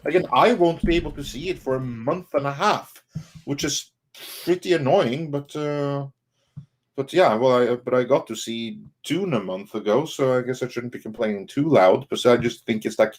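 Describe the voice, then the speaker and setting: A man's voice: medium pitch, moderate pace. A man co-hosting a live online talk show, chatting in an agreeable, reflective way with trailing asides. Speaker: podcast co-host. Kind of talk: casual live-stream chat.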